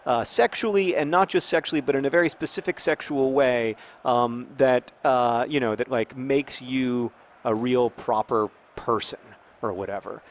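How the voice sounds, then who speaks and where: A man in his thirties muses aloud at an easy, middling pitch as he plays a football game. His talk wanders with false starts and filler words, and he bursts into loud, excited cries whenever the match heats up. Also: moderate pace. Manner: rambling, many restarts, bursts of excited outcries at the game. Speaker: video blogger playing a football video game. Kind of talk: casual gameplay talk while discussing a topic.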